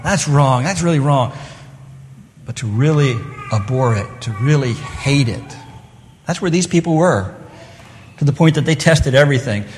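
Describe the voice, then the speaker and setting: A middle-aged man delivers an evening sermon, talking earnestly and conversationally and slipping into the voices of the people he quotes. His voice sits at an ordinary mid pitch. A long hall reverb trails after each phrase. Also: normal speed, slight background noise. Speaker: preacher.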